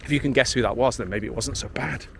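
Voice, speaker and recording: A man's voice: medium pitch, fast talker, vocal fry, a bit bright. A man rambling casually to a handheld camera and his dog while walking on a beach. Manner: rambling, self-mocking, talks to his dog. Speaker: vlogger. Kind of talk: casual walking vlog chat. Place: windy beach outdoors. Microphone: handheld pocket camera. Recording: faint wind and outdoor noise.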